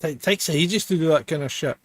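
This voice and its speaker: A man's voice: fairly high pitch, a little fast, no room sound. Blunt man hosting a podcast. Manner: blunt, plain-spoken, swears. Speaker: podcast host. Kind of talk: casual chat.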